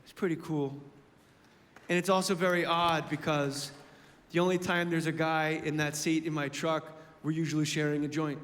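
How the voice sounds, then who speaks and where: A man doing a stand-up comedy set, telling animated stories and acting out both sides, swinging from muttering to shouting. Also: on the high side, normal speed. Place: comedy club stage. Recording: live club recording, roomy hall reverb with audience laughter and noise.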